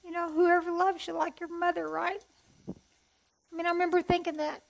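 A middle-aged woman telling her personal testimony in an earnest, heartfelt way, with soft hesitations. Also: extremely high pitch, level tone, normal speed, gravelly, long pauses, low-quality recording. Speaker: speaker sharing testimony.

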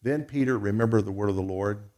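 A man's voice: lowish voice, fast talker, mellow. A man preaching a sermon in a conversational way, acting out quoted voices as he goes.

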